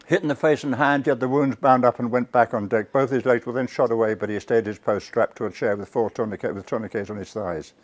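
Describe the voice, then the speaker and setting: A man lecturing on history before a live audience, at a mid-range pitch. He tells the tale like a story, turns to the listeners with asides, and stops to correct himself mid-word. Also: steady tone, fast talker, few pauses. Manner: self-corrects and restarts words.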